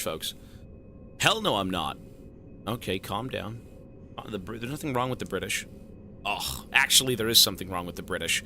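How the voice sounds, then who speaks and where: A man live-streaming a game who thanks his viewers with loud, swearing, joking banter. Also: mid-range voice, slight background noise. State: has a headache.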